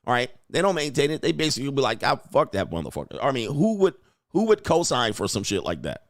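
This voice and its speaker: A blunt livestream host delivers commentary, very animated and fast, hammering his points and repeating them for emphasis. His voice is middle-pitched, and the recording is dry and close with no room sound.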